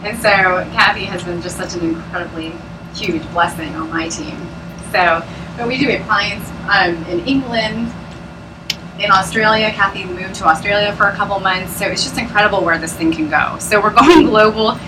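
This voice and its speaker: A woman's voice: medium pitch, moderate pace, distant mic, background noise. A woman presenting at a business opportunity meeting, chatty and bubbly, often laughing as she talks to a live audience. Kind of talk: sales pitch talk to a live audience.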